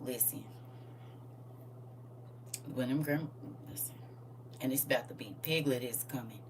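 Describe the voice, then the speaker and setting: A middle-aged woman at home, casually chatting with her livestream viewers. She greets them by name and laughs often. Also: extremely low pitch. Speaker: livestream host. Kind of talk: casual morning livestream chat. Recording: slightly distant mic with faint hum.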